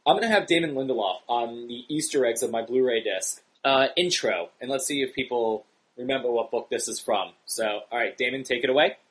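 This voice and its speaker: A man hosting a casual podcast chat, animated and excitable, his voice jumping up when worked up. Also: medium pitch, a little fast, low-quality recording. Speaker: podcast host.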